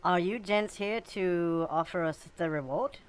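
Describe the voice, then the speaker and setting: A man voicing a smug, haughty elf in a tabletop game, with a high, prim and drawn-out delivery. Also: a little hiss or hum.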